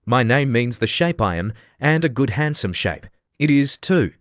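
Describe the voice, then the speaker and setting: A man voicing a pompous, self-important egg man who is quick to take offence, read as an audiobook character. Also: medium pitch, expressive, fairly bright tone, no room sound, clean studio sound, natural voice. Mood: haughty.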